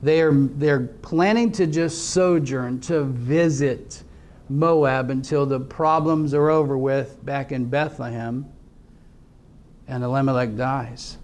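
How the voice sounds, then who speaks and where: A middle-aged man preaching a sermon, telling his own story earnestly, swinging from quiet, halting moments to emphatic lines. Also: medium pitch, steady tone.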